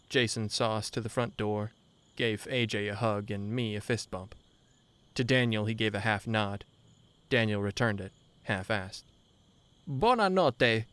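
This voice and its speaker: A man narrating a horror story in a measured way, slowing down on grim details. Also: on the low side, a bit bright, clean tone, no echo.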